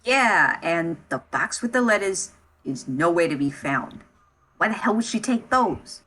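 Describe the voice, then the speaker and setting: A woman with a fairly low voice narrates a tabletop role-play as game master. She talks in a halting way, often pausing on fillers while she describes the scene. Her delivery stays relaxed and conversational. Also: husky.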